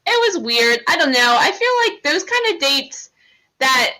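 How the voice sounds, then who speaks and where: A woman's voice: sits high, unhurried, rough recording. A young woman co-hosting a podcast, gossiping in casual chat with frequent giggles. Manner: gossipy, giggly, animated reactions. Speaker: podcast co-host.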